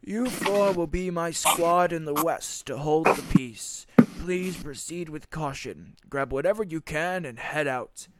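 A man voicing an old king who gives measured, solemn commands. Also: on the high side, heavy background noise, lightly acted. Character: old male king giving solemn orders.

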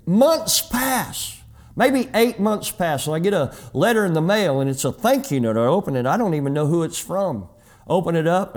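Sharing a personal story within his sermon, a middle-aged pastor voices the dialogue with shifting characters. His male voice sits on the high side with a darkish tone.

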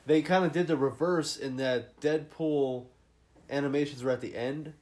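A man with a somewhat high voice co-hosting a casual movie-review podcast. He banters sarcastically and swears often. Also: fairly even intonation, moderate pace, a little mellow. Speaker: podcast co-host.

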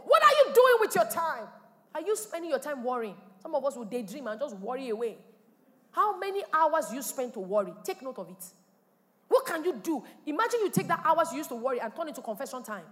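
A woman pastor preaches in an animated style, swinging from quiet asides to loud bursts. Her voice sits high and moves a lot. It rings out with a long reverb in a church hall. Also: quick pace. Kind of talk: sermon.

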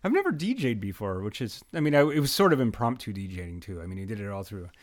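A man's voice: on the low side, big pitch swings, quick pace. Man, podcast host, rambling casual monologue, self-mocking, home studio. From Brooklyn, New York. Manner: rambling, self-mocking, with frequent restarts and fillers.

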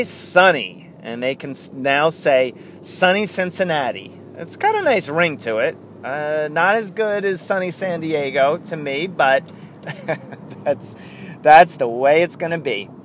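A man's voice: mid-range voice, a little hiss or hum. A man hosting a casual solo sports podcast, rambling and correcting himself as he goes, with frequent chuckles. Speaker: podcast host.

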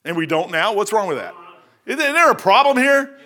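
A middle-aged man preaching a sermon in a folksy, animated way, building to emphatic high peaks. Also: moderate pace.

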